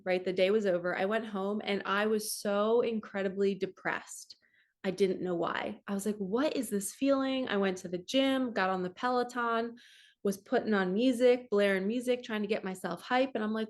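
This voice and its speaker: Chatty woman spiritual coach telling stories. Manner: chatty and animated, acts out her own quoted thoughts in a higher voice. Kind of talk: casual personal storytelling to viewers.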